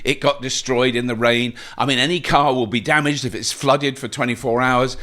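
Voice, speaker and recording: A man's voice: mid-range voice, fairly even intonation, moderate pace, few pauses, bright, forceful tone. A man with a Gloucestershire English accent hosting a monthly news roundup, playful and jokey with mock-outraged asides. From Gloucestershire, England. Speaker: host.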